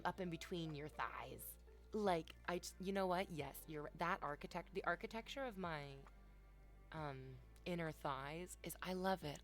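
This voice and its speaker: A woman streamer chatting casually at home, playful and teasing, talking straight to her viewers. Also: on the low side. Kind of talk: casual live-stream chat. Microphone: desk microphone, off camera.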